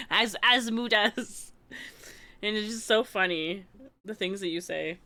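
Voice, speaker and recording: A woman livestreamer telling a story in casual chat with her viewers, excitable and laughing often. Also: medium pitch, takes it slowly, long pauses. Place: room at home, alone.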